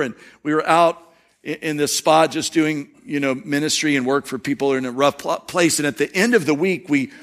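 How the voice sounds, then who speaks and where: A middle-aged pastor delivers his sermon like he's telling a story in conversation, letting his voice sink soft and low whenever he wants to stress a point.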